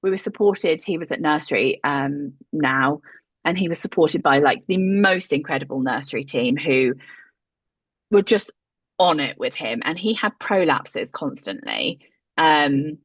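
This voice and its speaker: A woman tells her story in a chatty way, laughing a lot and swearing freely. Her voice sits low and husky. The sound is dry and close, with no room echo. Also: animated, unhurried. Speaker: podcast guest, mother. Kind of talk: casual storytelling.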